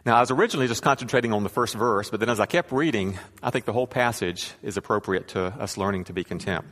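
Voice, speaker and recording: A man's voice: fairly low pitch, fast, few pauses, fairly bright tone. Man preaching in a reverberant hall. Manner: conversational, wry, reads scripture aloud. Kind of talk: sermon.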